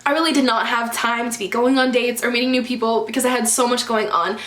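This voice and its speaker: A woman's voice: fairly high pitch, fairly even intonation, quick pace, a bit bright. A young adult woman telling storytime vlog stories in a chatty, exasperated way, with lots of "like" fillers. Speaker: vlogger. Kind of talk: storytime vlog, casual chat. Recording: echoey room.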